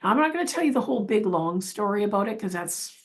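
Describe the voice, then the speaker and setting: A woman's voice: mid-range voice, lively intonation, fast, breathy edge. A middle-aged woman telling a personal story in a casual, earnest, rambling way, full of restarts and asides. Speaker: healing practitioner telling her story.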